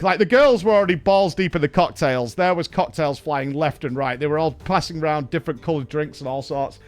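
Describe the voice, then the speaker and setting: A man streaming, telling a story in a casual, animated way, swearing and laughing along. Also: fairly high pitch, a little fast, faint music behind.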